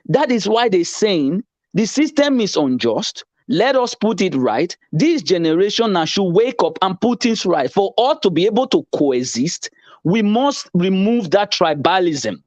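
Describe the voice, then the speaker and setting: A man's voice: high-pitched, very animated, a little slow, a little mellow, no room sound. A man arguing politics in a heated casual debate, insistent and lecturing, often repeating himself. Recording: dull lo-fi sound.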